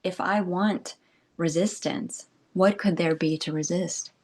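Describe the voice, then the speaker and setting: Low, slow-spoken woman giving a spiritual talk. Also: steady tone. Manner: soft, unhurried and meandering, with frequent "you know" and "like" and gentle laughs. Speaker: spiritual teacher. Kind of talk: meditative nondual spiritual talk.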